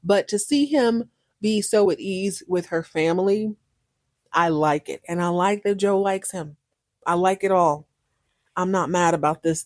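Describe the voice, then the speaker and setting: Woman host doing a casual tv recap, kinda low voice, super chatty, dry close mic. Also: dry recording. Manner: chatty, animated, repeats herself for emphasis. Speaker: podcast host.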